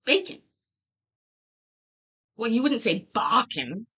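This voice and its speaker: Canadian woman, streamer host, slow unhurried delivery, playful and laughing. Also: a little high, big pitch swings, a bit bright, husky, highs cut off. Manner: laughing, playful, mock-arguing about pronunciation. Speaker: livestream host. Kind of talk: casual chat with live viewers.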